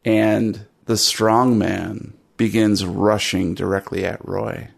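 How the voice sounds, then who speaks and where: A man narrating a tabletop horror game as game master, describing scenes in a deliberate way. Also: fairly low pitch, level tone, vocal fry, husky.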